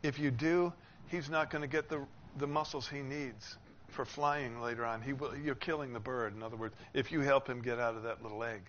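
Man preaching with animated emphasis. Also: medium pitch, a little fast, few pauses. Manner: expressive, acts out quoted speakers with rising emphasis. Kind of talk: sermon. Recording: slightly dull with faint noise.

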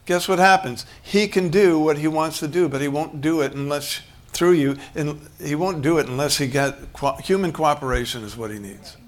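A man's voice: high voice, a bit bright. A man preaching a sermon in a conversational way, acting out short bits of dialogue and chuckling as he goes. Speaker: pastor.

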